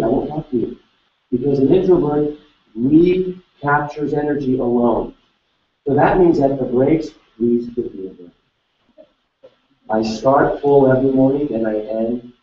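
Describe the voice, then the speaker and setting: A man leading a live seminar, energetically quizzing the audience with quick questions. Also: medium pitch. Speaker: seminar speaker. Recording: echoey hall, distant mic, dull sound.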